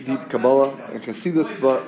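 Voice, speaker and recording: A man's voice: mid-range voice, fairly quick, crowd noise. A man teaching a Talmud class to students, explaining with rhetorical questions and repeating words as he translates terms.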